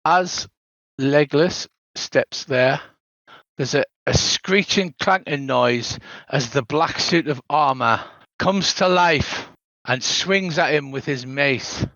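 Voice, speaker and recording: Here an older man narrates a tabletop session as game master, lingering on descriptions and occasionally adding "so there is." His fairly high voice is slow, pushed and bright, captured in a dull lo-fi recording that's completely dry.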